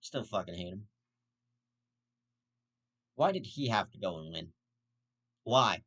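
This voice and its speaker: A man's voice: on the low side, expressive, takes it slowly, sharp tone, highs cut off. A man hosting his own vlog, ranting heatedly with heavy swearing and repeated restarts. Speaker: host of a commentary vlog. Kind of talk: profane ranting commentary.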